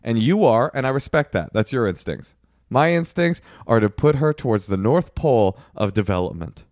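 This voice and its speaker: A man's voice: mid-range voice, normal speed, no room sound, studio quality. A man co-hosting a podcast, chatting casually and arguing playfully with his wife, sometimes mimicking her. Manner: argumentative, animated, mocking impressions of his wife. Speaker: podcast co-host. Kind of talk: casual chat.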